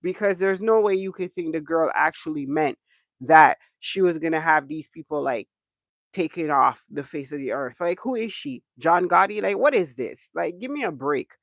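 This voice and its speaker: A man hosts a casual livestream rant, exasperated and emphatic, circling back over his points. His voice sits fairly high with a gravelly rasp. The sound is dry and close, with no room echo. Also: animated, normal speed, a bit bright. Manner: exasperated, emphatic, repeats himself for effect. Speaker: livestream host.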